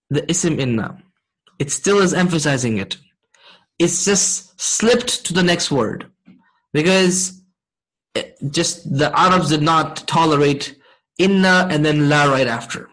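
A man teaching a class, explaining slowly and checking in with his students often. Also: a little high, a bit bright, low-quality recording. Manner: slow, deliberate explaining. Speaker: Arabic grammar teacher.

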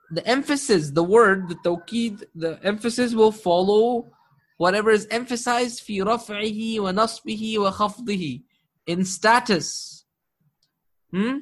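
A man with a high, slightly bright voice teaches an Arabic grammar class, explaining the terms in English. He keeps checking on his students, quizzing them with "right?" and "correct?", and recites Quranic verses rapidly in Arabic during the lecture.

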